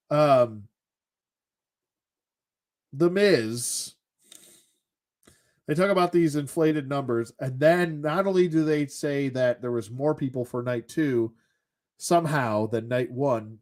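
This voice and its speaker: A man ranting casually as a show host, sarcastic and exasperated, swearing as he goes. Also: medium pitch.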